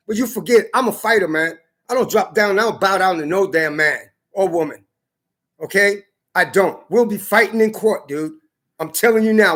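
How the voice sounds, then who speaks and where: A man's voice: high-pitched, fairly bright tone. Man, vlogger, angry defiant rant; emphatic and repetitive delivery.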